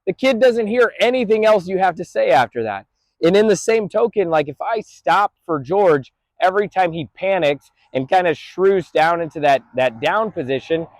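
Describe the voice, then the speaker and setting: A man's voice: high voice, no room sound. A man training a dog outdoors on a busy street, explaining his approach plainly and calling out praise to the dog. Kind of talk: outdoor training talk to camera.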